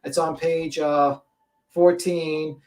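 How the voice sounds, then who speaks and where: A man's voice: fairly high pitch, little pitch movement, slow, darkish tone, soft background music. A male livestream host reading a document aloud with blunt, profane, indignant asides.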